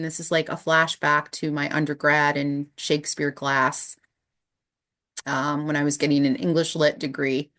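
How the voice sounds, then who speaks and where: A woman in her thirties telling a personal spiritual story, thoughtful and full of pauses. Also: low-pitched, flat delivery, fairly bright tone. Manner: thoughtful, with many pauses and fillers. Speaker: spiritual channel host. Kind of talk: reflective personal monologue.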